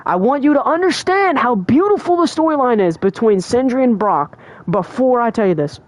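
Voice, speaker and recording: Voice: mid-range voice, animated, moderate pace, no echo. A young adult streamer talking casually and emotionally, full of fillers like "like" and "bro". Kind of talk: casual livestream chat.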